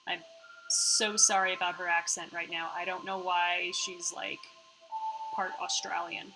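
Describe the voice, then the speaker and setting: A woman's voice: lowish voice, a little slow, a little hiss or hum, rough recording. A woman streamer reading a story game aloud and chatting about it in a playful way. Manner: playful, chatty, reacts with excitement.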